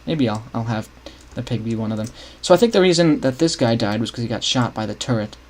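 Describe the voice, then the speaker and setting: With a mid-range voice, lively intonation, and a quick pace, this young male streamer talks through scripting his game map, thinking out loud, frequently starting over, and chatting with his audience.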